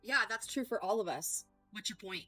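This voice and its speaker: Sarcastic woman with a bright voice. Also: mid-range voice, lively intonation, normal speed, soft background music, poor audio. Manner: combative, sarcastic, profane. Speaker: reaction streamer. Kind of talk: heated reaction commentary.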